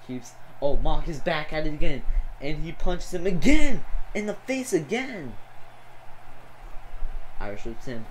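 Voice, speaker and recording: A gamer calls a wrestling video game match play by play, exclaiming often and talking to the wrestlers on screen. His medium-pitched voice is excitable and full of gasps and "oh"s. The recording is rough, with slight background noise.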